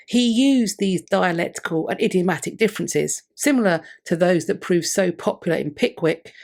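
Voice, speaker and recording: A woman presenting a history video in measured, scripted narration, reading out scholarly quotations along the way. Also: lowish voice.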